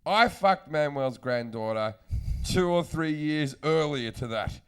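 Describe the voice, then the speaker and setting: A comedian man spins a crude, rambling story in casual podcast chat. His voice sits a little higher than most men's. He acts out each quoted line as he goes. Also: animated, unhurried, clean tone. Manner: crude, rambling anecdotes with mimicked quotes and laughs.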